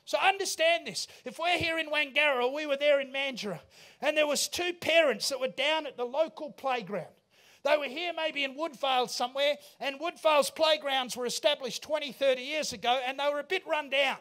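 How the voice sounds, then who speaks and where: A man preaching a sermon in a large church auditorium, emphatic and rising to shouts. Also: extremely high pitch, brisk. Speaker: pastor.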